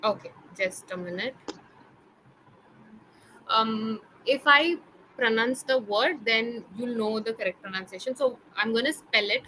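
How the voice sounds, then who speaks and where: A young woman teaches pronunciation in an online lesson, her voice bright and a little high. She spells words slowly, letter by letter, and keeps checking that her student follows. A faint hiss sits under the recording. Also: rough recording. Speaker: English tutor.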